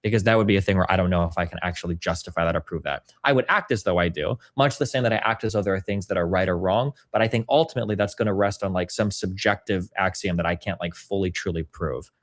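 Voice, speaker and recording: A man's voice: deep voice, fast, few pauses. A man in a philosophical discussion, speaking casually and filling his speech with "like.". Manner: casual, lots of "like" fillers. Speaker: debater in reviewed clip.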